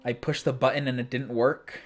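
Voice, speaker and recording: A man's voice: medium pitch, level tone, brisk, crowd noise. A man hosting a livestream, chatting casually and rambling with frequent restarts and laughs. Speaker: streamer host.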